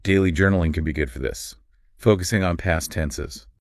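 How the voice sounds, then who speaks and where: A man's voice: sits low, moderate pace, no echo, studio quality. A man co-hosting a scripted conversation about learning English, agreeable and prompting follow-ups. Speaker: co-host. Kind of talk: scripted two-host explainer on learning English.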